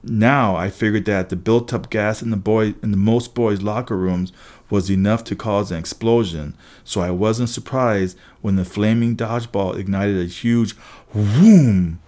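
Man narrating an audiobook, lowish voice. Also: steady tone, moderate pace, darkish tone. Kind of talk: first-person audiobook reading.

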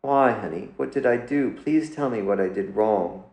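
A man's voice: lowish voice, moderate pace, a little mellow, reverberant, close to an everyday voice. A man voicing an anxious, peevish middle-aged mother who turns pleading and defensive, read out in a story.

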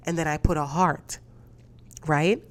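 A woman's voice: low-pitched, fairly even intonation, measured pace. A woman hosting a casual solo podcast, rambling with many restarts and laughs, sounding a bit stuffy. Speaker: podcast host.

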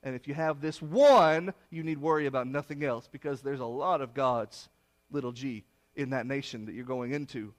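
A man preaching a sermon, retelling a story with rhetorical questions and swinging between loud emphasis and hushed low phrases. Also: normal speed.

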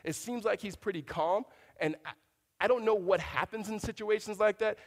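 A man's voice: high voice, moderate pace, big-room sound. A man preaching a sermon, conversational and storytelling, with humorous asides. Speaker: pastor.

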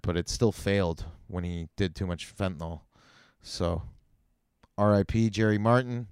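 A man's voice: deep voice, steady tone, a little slow, a little mellow, smooth, no echo, clean studio sound. A man hosting his own comedy podcast, ranting profanely with sarcastic asides. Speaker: podcast host. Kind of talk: solo comedy podcast rant. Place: in Vancouver.

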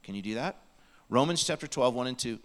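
A man's voice: medium pitch, lively intonation, brisk. A man preaching a sermon in a church, earnest and pleading, sometimes dropping to a near whisper. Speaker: pastor. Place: church sanctuary.

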